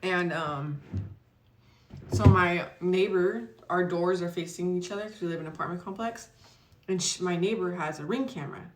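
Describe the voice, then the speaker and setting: A young woman vlogger telling a story in a casual, animated way, acting out the quotes and swearing freely. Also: lowish voice, normal speed, background noise. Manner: chatty, animated retelling with acted quotes and swearing.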